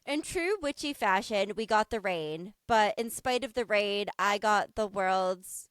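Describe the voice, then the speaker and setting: A woman in her thirties co-hosting a podcast, telling stories in an animated, laughing way and swearing freely. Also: mid-range voice, measured pace, clear, resonant tone, dry recording. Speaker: podcast co-host. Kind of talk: casual chat.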